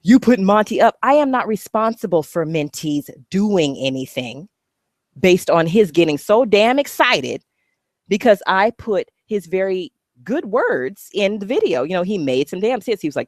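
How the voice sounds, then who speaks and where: A woman's voice: mid-range voice, sing-song, moderate pace, a little mellow, no room sound, studio quality. A woman giving a heated, profane, sarcastic rant while reacting to a video. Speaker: online commentator. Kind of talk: ranting reaction commentary.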